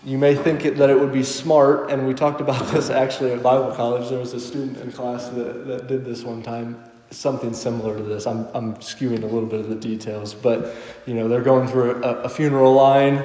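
A man in his late twenties preaching a sermon in a church hall, reading scripture slowly and emphatically, then joking casually with the congregation. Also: mid-range voice, flat delivery, warm tone. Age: late 20s. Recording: echoey hall with long reverb.

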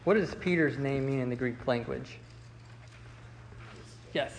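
A man leads a Bible lesson in an easy, chatty manner, stumbling into restarts and filler words. His voice sits at an ordinary pitch. It carries a long reverb from a large room, with faint ambient noise behind it. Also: unhurried. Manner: relaxed, conversational, with many fillers and restarts. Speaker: Bible study teacher.

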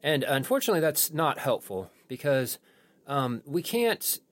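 A man's voice: on the high side, very animated. A man who is a pastor, talking through a sermon on a podcast in a thoughtful way with frequent restarts. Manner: thoughtful, halting with many restarts. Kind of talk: post-sermon podcast discussion.

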